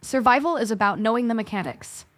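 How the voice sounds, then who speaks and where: A woman's voice: on the high side, animated, quick pace, a bit bright, dry recording. A woman co-hosting a scripted podcast, talking in a playful way full of gaming slang. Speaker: co-host.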